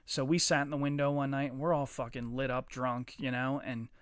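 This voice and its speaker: A man's voice: mid-range voice, level tone, fairly quick, smooth, no room sound, studio quality. A man, co-hosting a podcast, telling wild stories in a rambling, profane, laughing way. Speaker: podcast co-host. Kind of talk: casual storytelling chat.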